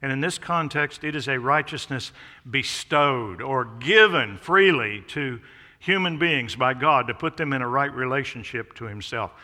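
A man preaching a sermon as pastor of a church, emphatic, swelling loud on key phrases and dropping low on others. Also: normal speed, in a large hall. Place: church sanctuary.

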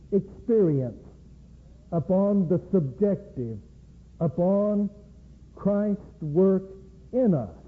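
A man preaching an evening sermon in a slow, measured way, with deliberate emphasis. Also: high-pitched, husky. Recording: tinny phone-like lo-fi recording.

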